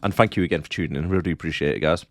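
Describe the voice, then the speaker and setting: A man's voice: sits low, very fast, dry recording. A man co-hosting a movie podcast, giving short casual replies. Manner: brief reactive replies. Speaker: podcast co-host. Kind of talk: casual chat.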